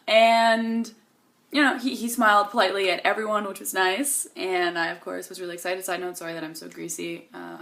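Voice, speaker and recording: A woman's voice: on the low side, creaky, fairly bright tone. Young woman, vlogger, casual chat to camera, bubbly, gushing, tired, coming down with a cold.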